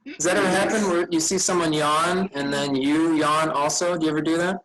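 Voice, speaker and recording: A man's voice: a little high, fairly even intonation, a little fast, fairly bright tone, poor audio. A tired man leading a vacation Bible school session, chatting casually with children and rambling a bit as he loses his train of thought. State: tired, yawning.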